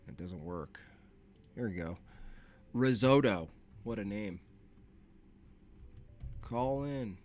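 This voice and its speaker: A laid-back man rambles and mutters to himself as he sets up a call-in livestream he's hosting, chatting casually. The voice is low-pitched, with a little hiss or hum in the recording.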